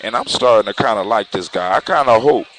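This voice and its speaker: A man voicing a spoiled, dismissive young princess in a spoken story, scornful and quick to outrage. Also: lowish voice, expressive, a bit bright. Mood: weary. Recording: noisy recording with clicks.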